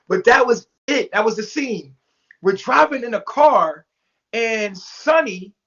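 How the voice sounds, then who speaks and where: A man telling a story in casual, profane talk, acting out what others said in their voices. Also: high-pitched. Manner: animated, profane, acts out quotes in voices. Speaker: interview guest. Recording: dull lo-fi sound.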